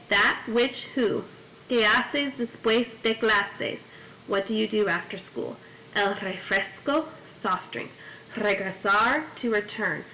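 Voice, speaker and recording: A woman's voice: medium pitch, pushed and bright, a little hiss or hum, rough recording. A woman teaching a Spanish class, reading each phrase in Spanish and then in English, and adding memory tips. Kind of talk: classroom vocabulary lesson. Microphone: corded mic.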